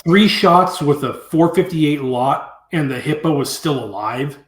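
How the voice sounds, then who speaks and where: A man tells a story as an interview guest, animated and lively, slipping into the voices of the people in his tale. His voice sits a touch higher than most men's. The room around him is echoey. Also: measured pace. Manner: animated storyteller who acts out quoted speech. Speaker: guest, dangerous game hunter. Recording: roomy echo.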